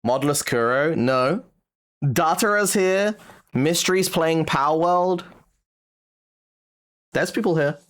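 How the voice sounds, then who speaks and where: A man's voice: on the high side, slow pace, long pauses, a bit bright. A young British man streaming live, chatting casually and teasing his chat with jokes. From Britain. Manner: teasing, joking banter with chat.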